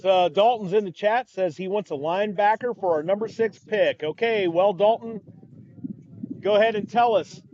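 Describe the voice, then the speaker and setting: Chatty male co-host, higher pitch, relaxed live-stream banter over muffled audio. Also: normal speed. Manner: chatty, reads out viewer comments. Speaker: podcast co-host. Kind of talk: casual live draft chat.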